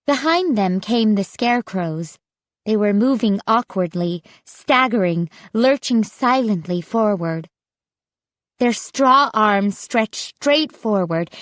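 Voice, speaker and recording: A woman narrating a spooky children's audiobook in a measured, suspenseful reading. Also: medium pitch, dry recording. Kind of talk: scripted horror narration.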